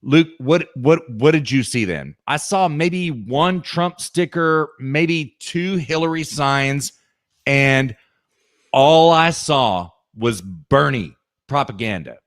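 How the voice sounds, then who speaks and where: A man's voice: medium pitch, expressive, slow pace. A man co-hosting a podcast, talking in an emphatic, opinionated way, often turning to the listener and checking in with "okay?". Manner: emphatic, keeps asking "okay?" and addresses the listener directly. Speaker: podcast co-host.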